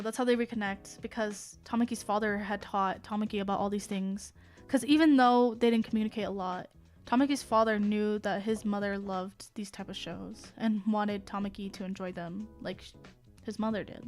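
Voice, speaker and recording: A young woman streamer casually retelling an anime plot. She rambles, swears freely and laughs often as she talks. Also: mid-range voice. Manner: laughs often while talking.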